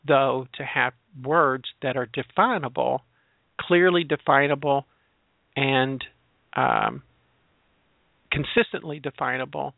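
A man's voice: medium pitch, creaky, no echo. A man who works as a transgender educator, explaining his views in a searching, reflective way and leaning on personal examples. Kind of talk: spoken reflection on labels. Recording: tinny, dry phone-line sound.

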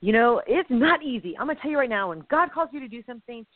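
Lively-pitched woman co-host, affirming. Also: quick pace, no room sound. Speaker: podcast co-host. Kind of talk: faith-based comedic chat. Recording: tinny phone-like dry sound.

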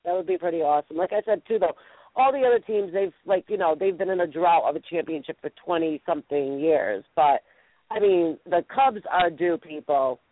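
A woman's voice: lowish voice, a little fast, dry recording. A woman with a New England accent hosting a casual chat show, playful and rambling with lots of fillers. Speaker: radio show host. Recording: tinny phone line, dry.

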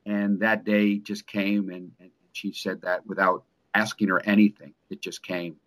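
A middle-aged man giving an earnest, emotional testimonial, speaking haltingly with many restarts and repeated words. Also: lowish voice, flat delivery, a bit bright. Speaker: coaching client. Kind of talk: personal testimonial in conversation.

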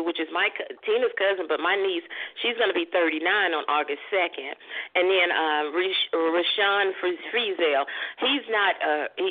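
A woman turning sixty, co-hosting a casual chat show and rambling through birthday shout-outs, laughing often and restarting her sentences. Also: lowish voice. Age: 60s. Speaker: co-host. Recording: tinny phone line.

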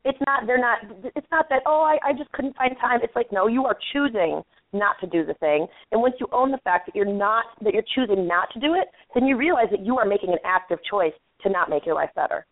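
A woman's voice: medium pitch, expressive, fairly quick, few pauses, no room sound. A woman speaking as a life coach guest in a casual interview, frank and emphatic. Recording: tinny phone-line audio, dry.

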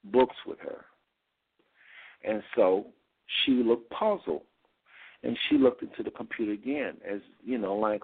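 Low gravelly guy rambling thru a story, folksy, sounds like a tinny phone line. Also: very animated, normal speed. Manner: folksy, addresses listeners as y'all and folks. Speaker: host.

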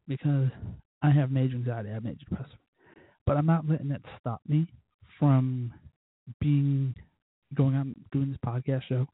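A man's voice: medium pitch, steady tone, moderate pace, long pauses, no echo, narrow, tinny audio. A man hosting his own podcast, talking in a rambling, self-deprecating way and cursing constantly. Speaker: podcast host. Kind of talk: rambling, profane solo podcast talk.

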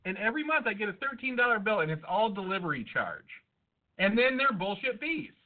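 A high-pitched man co-hosting a casual podcast, ranting about everyday gripes with plenty of swearing. The sound is thin and tinny, like it came over a phone line. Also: big pitch swings, fairly quick. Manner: ranting and profane. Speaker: podcast co-host. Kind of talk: casual chat.

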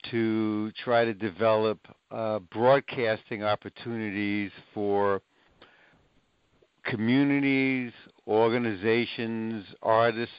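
A man, a guest being interviewed, explaining in a measured way with occasional fillers. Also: fairly low pitch, clean tone, dry recording. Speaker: guest, nonprofit project manager. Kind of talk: interview answers. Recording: muffled lo-fi recording.

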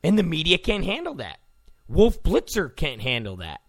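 A man's voice: fairly high pitch, huge pitch swings, moderate pace, creaky. A man ranting sarcastically as a political commentator, mocking and full of insults.

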